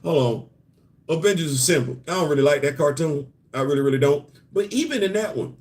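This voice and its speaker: Animated man riffing on comics. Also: a little high, fairly quick. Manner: conversational, rhetorical questions, repeats words when building a point. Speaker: host of a comics and culture live show. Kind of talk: casual solo commentary.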